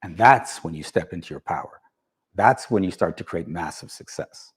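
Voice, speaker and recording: A man's voice: low voice, moderate pace, breathy edge. A man giving a motivational talk to an audience, telling stories and acting out both sides of conversations. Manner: storytelling, animated, acts out both sides of dialogues. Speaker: speaker.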